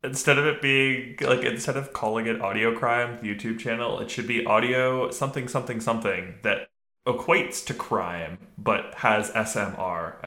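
A man's voice: medium pitch, fairly even intonation, normal speed, bright, forceful tone, roomy sound. A young man in a casual podcast chat, playfully correcting the others. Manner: playfully bossy, repeats "no, no, no". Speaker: podcast co-host.

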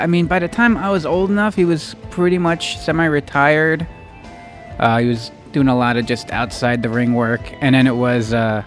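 A man's voice: medium pitch, creaky. A man co-hosting a podcast, chatting casually and jokingly, rambling and swearing offhand. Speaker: podcast co-host. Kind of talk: casual chat.

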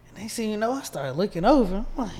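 A man co-hosting a casual chat, narrating a travel mishap in a relaxed way. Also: high voice, fast talker. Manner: relaxed storyteller, quotes people as he goes. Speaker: podcast co-host.

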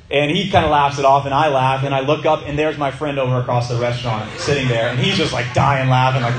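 A man gives a conversational teaching talk, stretching key words out slowly for emphasis. His voice is mid-pitched and carries a roomy echo, and faint noise sits under it. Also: fairly even intonation. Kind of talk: sermon-style teaching with a personal story.

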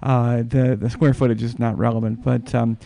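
A man hosting a casual podcast chat, talking haltingly with many restarts and fillers. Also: mid-range voice, level tone, vocal fry, mellow, no echo. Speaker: podcast host.

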